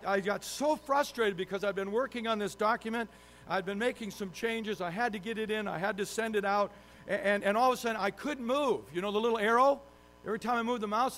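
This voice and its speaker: A man's voice: high-pitched, fairly bright tone. A man preaching a sermon who tells a self-deprecating story and acts out his own frustration. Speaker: pastor. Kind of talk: sermon with humorous personal story. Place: church sanctuary.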